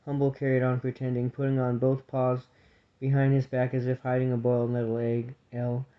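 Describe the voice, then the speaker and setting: A man reading a children's story aloud, in a steady, unhurried narration. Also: mid-range voice. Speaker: audiobook reader. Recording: dull lo-fi recording.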